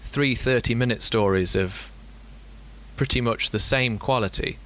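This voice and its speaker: Mid-voiced male host, wry and halting, leading a casual review. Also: mid-range voice, a bit bright. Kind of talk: casual film review chat.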